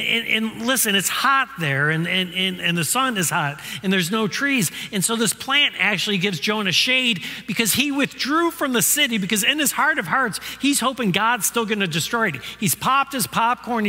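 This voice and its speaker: A man's voice: high voice, expressive, normal speed, few pauses, bright, forceful tone, big-room sound. A male pastor preaching a sermon, retelling the story in a casual storytelling way with everyday comparisons. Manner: casual storytelling with modern analogies.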